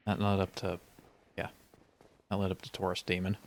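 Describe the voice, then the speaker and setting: A man's voice: low-pitched, monotone, normal speed, long pauses, slight background noise. A male streamer giving casual, rambling commentary while playing a game, with dry, wry humor. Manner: rambling asides.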